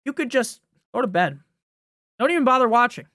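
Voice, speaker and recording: A man's voice: very high-pitched, big pitch swings, fairly bright tone, no room sound, studio quality. A young man hosting a fantasy football podcast, ranting casually with lots of swearing and a habit of asking "right?". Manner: brash, swearing, fast-talking, often asks "right?". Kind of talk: profane casual sports rant.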